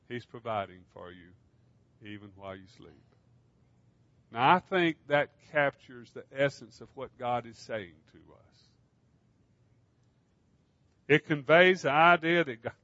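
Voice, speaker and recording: A man's voice: mid-range voice, a bit bright, dry recording, lo-fi sound. A man preaching a sermon, earnestly asking his listeners questions. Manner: earnest, asks the congregation questions. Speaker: pastor.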